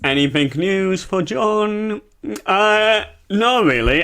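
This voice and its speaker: A man, co-hosting a comedy podcast and telling an absurd, sweary story deadpan. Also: high-pitched, slow, clean tone. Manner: deadpan, sweary, spinning an absurd tall tale. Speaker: podcast co-host. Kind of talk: comic storytelling.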